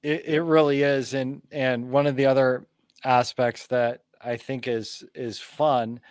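A man hosts a podcast with upbeat, enthusiastic energy. His voice sits at an ordinary pitch, recorded dry and close with no room sound. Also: level tone, a little slow, a little mellow, smooth, no room sound. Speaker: podcast host. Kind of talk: casual chat.

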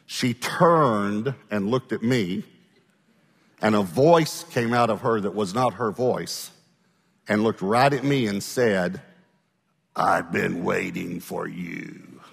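A man's voice: fairly low pitch, lively intonation, takes it slowly, long reverb tail. A male pastor telling a story in a sermon, talking conversationally and often checking in with his listeners.

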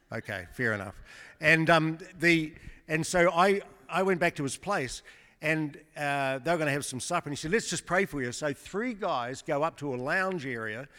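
A man's voice: mid-range voice, pushed and bright. A man giving a storytelling sermon testimony to a congregation, chatty and joking, with many restarts. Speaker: guest preacher. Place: church service before a congregation. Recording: long church hall reverb.

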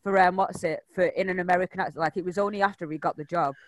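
A man in casual chat with friends, rambling and trailing off quietly at the ends of his thoughts. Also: high-pitched, steady tone, racing. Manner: chatty, trails off and restarts, drops quiet at line ends.

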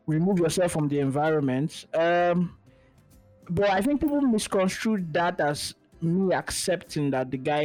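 A man's voice: fairly high pitch, darkish tone, no room sound, poor audio. Man, podcast host, casual and opinionated, dry close sound, faint music behind. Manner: laid-back, opinionated, frequent restarts. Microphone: remote call.

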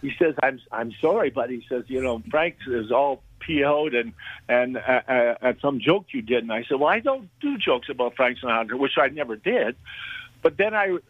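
A man's voice: medium pitch, expressive, moderate pace, husky, no room sound. Older man from Canada telling rambling stories. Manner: rambling anecdotal storytelling with frequent fillers and chuckles. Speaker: guest comedian. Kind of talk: casual storytelling interview. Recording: dull lo-fi, dry sound.

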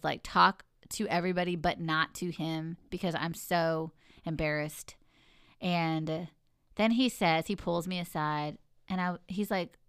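A woman in casual conversation, telling a story in an animated, expressive way. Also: on the low side, clean tone, no room sound, studio quality. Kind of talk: casual chat.

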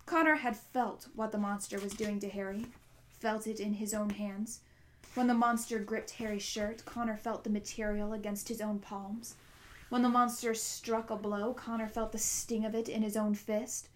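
A woman narrating a novel at a steady pace, with small slips now and then. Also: mid-range voice, moderate pace, a little hiss or hum. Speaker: audiobook narrator. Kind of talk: reading a novel aloud.

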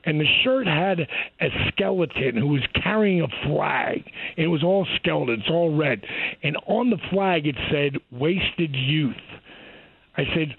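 An older man, a guest who was once a pro wrestler, telling stories in an animated way and acting out what people said, with a husky voice. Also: on the high side, normal speed, no echo, phone-quality sound. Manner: animated, repeats himself, acts out quotes. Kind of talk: casual interview storytelling.

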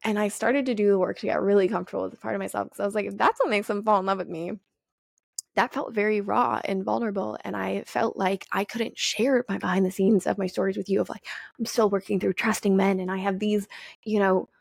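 A young adult woman hosting a solo podcast, telling personal stories in a candid, profane, animated way. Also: medium pitch, quick pace, creaky, dry recording, studio quality. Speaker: podcast host. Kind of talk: casual solo podcast monologue.

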